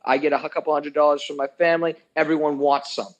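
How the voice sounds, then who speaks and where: A man's voice: fairly high pitch, flat delivery, fast talker, poor audio. A young man telling a story in casual chat, ranting heatedly and swearing a lot.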